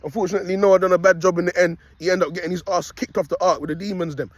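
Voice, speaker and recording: A man's voice: sits high, fairly even intonation, very fast, no room sound. A young man, filming himself on a phone outdoors while walking his dog, delivering a rambling, preachy monologue that he keeps punctuating with "you get me" and "people.". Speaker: self-styled prophet vlogger.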